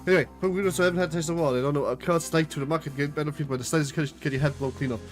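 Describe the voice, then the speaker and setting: A woman streaming a game who reads the dialogue aloud and reacts in an excitable way, laughing often and swearing freely. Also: low-pitched. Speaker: VTuber streamer.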